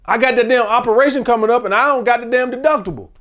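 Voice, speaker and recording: A man's voice: very high-pitched, quick pace, lo-fi sound. A man hosting a dating advice channel, ranting bluntly and profanely in a casual monologue. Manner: blunt, profane, animated rant.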